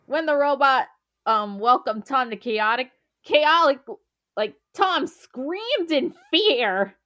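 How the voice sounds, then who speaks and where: A woman's voice: high-pitched, expressive, slow pace, pushed and bright, muffled recording. A woman co-hosting a casual podcast over an online call, speaking hesitantly with fillers and laughing often. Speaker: podcast co-host. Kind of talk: casual chat.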